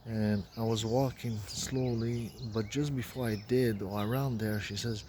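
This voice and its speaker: A man with a voice recounting a dream in a rambling, halting way, full of restarts and fillers. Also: medium pitch, steady tone, darkish tone, slight background noise. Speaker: dream narrator. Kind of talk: rambling personal account.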